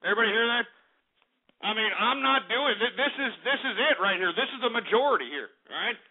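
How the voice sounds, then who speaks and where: A man's voice: high voice, expressive, fast, breathy edge. A man hosting a call-in talk radio show, ranting in a combative, profane way. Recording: tinny phone-like radio audio.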